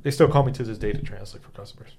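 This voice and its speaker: A man's voice: lowish voice, racing, darkish tone. A man hosting a podcast in casual chat, laid-back and cracking dry jokes. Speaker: podcast host. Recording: noisy background.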